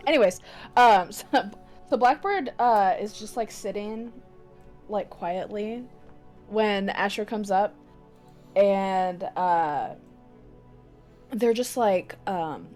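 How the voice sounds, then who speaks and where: A woman's voice: medium pitch, slow pace, long pauses, a little mellow. Woman player, casual and chatty, says like a lot, faint music behind. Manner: chatty, lots of "like" and "um". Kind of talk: casual tabletop play, narrating her character.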